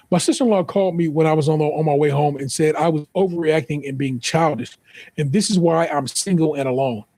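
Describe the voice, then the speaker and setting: A man's voice: a little high, darkish tone, no room sound. A man with an American accent reading an online post aloud, then joking through profane commentary and spelling out the typos. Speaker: podcast host.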